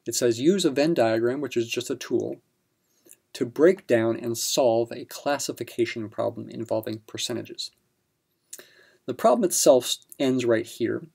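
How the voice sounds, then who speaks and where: Gravelly patient math teacher, man. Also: mid-range voice, a little slow, a little mellow. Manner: patient step-by-step explanation with fillers. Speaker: math instructor. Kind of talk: explaining a practice problem.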